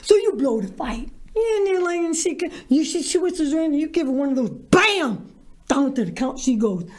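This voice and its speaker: A brash, theatrical woman pitches her movie on a talk show and acts out each part as she goes. Her voice is high and bright. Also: big pitch swings, moderate pace. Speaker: guest, filmmaker. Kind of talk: animated storytelling.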